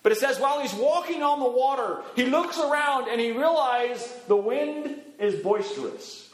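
A middle-aged man preaching a sermon as a pastor, animated, swinging his pitch up and down as he acts out quoted voices. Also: moderate pace, echoey room, rough recording.

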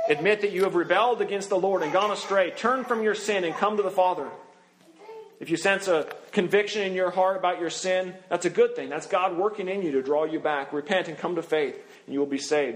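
High-voiced man preaching a sermon. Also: a little hiss or hum. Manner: earnest preaching, slowing and dropping low on scripture endings. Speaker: pastor.

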